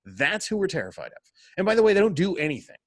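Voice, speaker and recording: A man hosting a casual podcast chat, sarcastic and quick to laugh. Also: high-pitched, very animated, no room sound.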